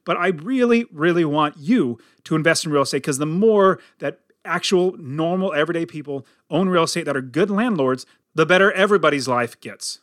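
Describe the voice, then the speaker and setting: Middle-aged man, podcast host, slightly high voice, earnest and emphatic. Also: a bit bright, no echo, clean studio sound. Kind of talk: casual podcast interview.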